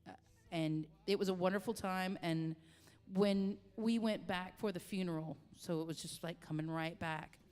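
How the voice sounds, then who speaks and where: Woman in her 40s, low voice, smooth, halting heartfelt talk, long echo around her. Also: steady tone, a little mellow. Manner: halting, heartfelt, full of restarts. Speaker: singer-songwriter guest. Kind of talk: personal storytelling in conversation. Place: coffee shop. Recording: long reverb, echoey room.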